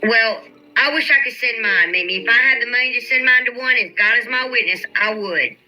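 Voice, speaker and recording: Bright-voiced woman venting on a livestream. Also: on the high side, fairly quick, faint music behind, rough recording. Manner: exasperated venting, profane, drawling. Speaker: YouTube live streamer. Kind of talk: casual live-stream chat reading viewer comments.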